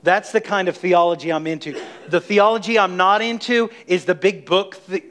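A middle-aged man preaching a sermon as pastor of his church, emphatic and energetic, calling on the congregation to respond. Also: high voice, moderate pace. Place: church sanctuary.

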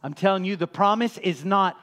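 Impassioned man preaching a sermon. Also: brisk. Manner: impassioned, rising to loud emphatic peaks then dropping low and soft. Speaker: pastor.

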